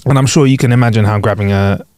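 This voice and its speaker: A man's voice: fairly low pitch, fast talker, darkish tone, no room sound. A man co-hosting a casual comedy podcast. He reads out odd news stories and jokes his way through them in a rambling way. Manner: jokey, rambling, laughs while reading. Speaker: podcast co-host.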